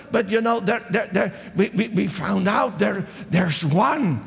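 A man preaches with a high, gravelly voice, telling a story in a lively way. He often stumbles, restarts and repeats his words. His voice rings with a long hall reverb. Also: measured pace, hardly any pauses. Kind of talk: sermon storytelling.

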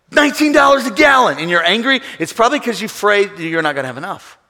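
A man preaching a sermon as pastor, swinging between quiet passages and shouted calls for praise. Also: sits high. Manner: preaching with shouted call-and-response bursts and acted quotes. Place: church sanctuary. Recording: reverberant hall with congregation.

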